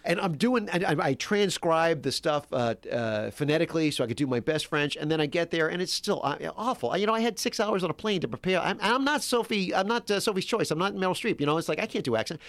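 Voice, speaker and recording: A middle-aged man chatting casually as a guest, telling stories in an animated, self-deprecating way. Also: on the high side, quick pace, few pauses, no room sound. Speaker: guest on a talk podcast. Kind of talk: casual chat, storytelling.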